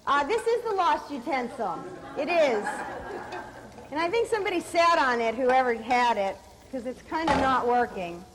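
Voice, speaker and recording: A middle-aged woman with a high voice that swings up and down as she jokes around on a cooking show. She teases her co-host with quick comebacks. The recording from the TV studio carries a steady hiss of noise. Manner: playful, teasing, quick comebacks. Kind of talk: comic banter while cooking. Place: TV studio kitchen with live audience.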